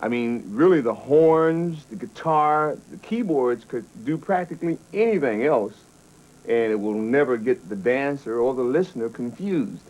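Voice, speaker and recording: A man's voice: medium pitch, expressive, normal speed, a little mellow, poor audio. A man, a funk musician, earnestly explaining musical rhythm to an interviewer. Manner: earnest, explanatory, a few restarts.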